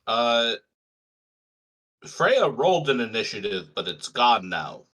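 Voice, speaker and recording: A man's voice: mid-range voice, very animated, slow, fairly bright tone. A man laughing and teasing his fellow players during an online tabletop game. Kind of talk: casual chat among players.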